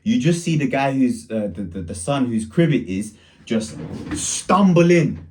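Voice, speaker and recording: A man's voice: medium pitch, sing-song, unhurried, soft background music. A young man telling a rambling, slang-heavy story in a casual storytime.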